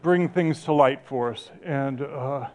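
A man's voice: medium pitch, slow, a little mellow. A middle-aged man preaching a sermon as pastor, passionate and storytelling, often restarting and correcting himself.

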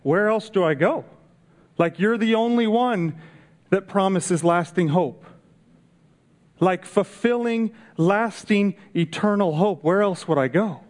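Preacher voicing a loyal disciple, kinda incredulous, talks casual, pitched up some. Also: male voice, takes it slowly. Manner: incredulous, pleading, casual modern phrasing. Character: earnest loyal grown man, a disciple.

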